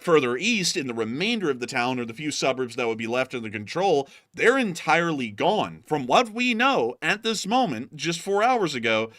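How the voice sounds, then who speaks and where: Male host, bright voice, casual and joking war commentary, dry close mic. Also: on the high side, normal speed, hardly any pauses, no room sound. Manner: joking, animated, drops into mock voices.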